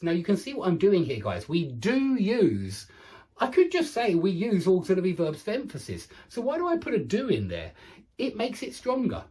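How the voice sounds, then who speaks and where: A man's voice: fairly high pitch, a little mellow, distant mic. A man teaching an English lesson, explaining patiently and checking in with "yeah?" as he goes. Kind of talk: online language lesson.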